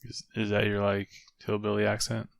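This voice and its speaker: A man co-hosting a podcast, relaxed and joking in casual chat. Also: lowish voice, moderate pace, creaky, no echo, clean studio sound. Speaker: podcast co-host.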